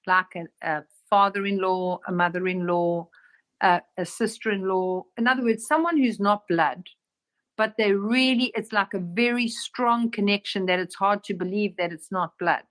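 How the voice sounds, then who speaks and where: A woman giving a casual spiritual talk as a teacher, acting out bits of dialogue in a lively, raised voice. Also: mid-range voice, moderate pace. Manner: animated, acts out dialogue in raised voice.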